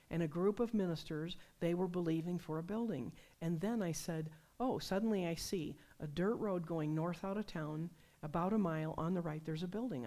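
A woman preaching a sermon, telling personal stories in a conversational, animated way. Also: lowish voice. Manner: conversational, animated storytelling with laughs.

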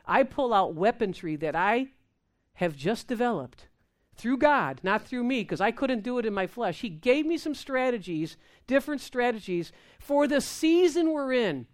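A woman delivers a sermon in an animated, amped-up style, acting out prayers and laughing along with the congregation. Her voice is on the high side, at a moderate pace.

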